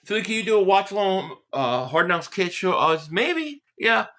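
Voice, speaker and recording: A man's voice: sits high, very animated, normal speed, fairly bright tone. A man hosting a live sports reaction stream, trash-talking and sarcastic as he chats with viewers.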